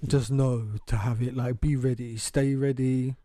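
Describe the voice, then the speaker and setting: A man's voice: medium pitch, flat delivery, measured pace, dark tone, no room sound, studio quality. A man with a London accent co-hosting an uncensored podcast. He talks in a loose, casual way, swears freely and laughs often. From south-east London. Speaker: podcast co-host.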